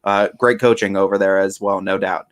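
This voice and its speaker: A man's voice: deep voice, level tone, moderate pace. A man co-hosting a sports show, easygoing and upbeat. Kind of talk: casual sports chat.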